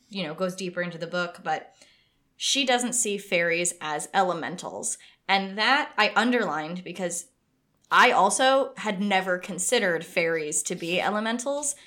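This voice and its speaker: A woman co-hosting a podcast, chatting casually about a book she loves, with lots of restarts. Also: lowish voice. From United States. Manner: chatty, animated, with frequent restarts. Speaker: podcast co-host.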